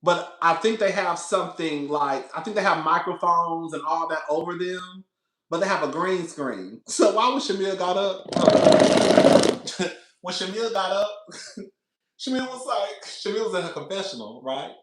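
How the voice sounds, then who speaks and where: A man hosting a casual reality TV recap, animated and laughing often, calling his listeners "girl". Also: sits high, a little slow. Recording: echoey room.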